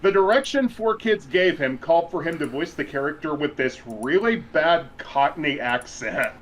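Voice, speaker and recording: A man's voice: on the high side, expressive, normal speed, a bit bright, low-quality recording. A man co-hosting a casual anime podcast, exasperated about dub edits, with lots of "you know" restarts. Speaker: podcast co-host.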